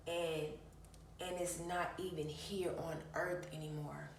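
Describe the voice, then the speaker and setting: Woman, low voice, emphatic spiritual storytelling, faint background noise. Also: flat delivery, slow, roomy sound, recorded from a distance. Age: adult. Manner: emphatic, repeats phrases, addresses viewers as y'all. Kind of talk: personal testimony to viewers.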